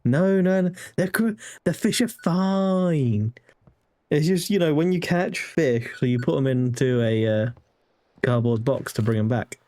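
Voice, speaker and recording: Joking British game streamer. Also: male voice, a little high, unhurried, dark tone. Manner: joking, rambling. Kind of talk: casual game commentary.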